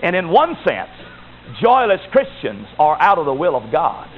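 Emphatic Baptist preacher on a tinny recording. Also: male voice, fairly high pitch, wildly swooping pitch, normal speed. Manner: emphatic, repetitive preaching with rising exhortations. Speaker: Baptist pastor. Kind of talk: sermon. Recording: tinny phone-like recording with faint hiss.

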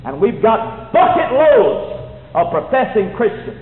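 A man preaching a sermon, fervent, swinging between shouting and hushed tones. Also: high voice, very animated, unhurried. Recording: echoey hall, tinny phone-like sound.

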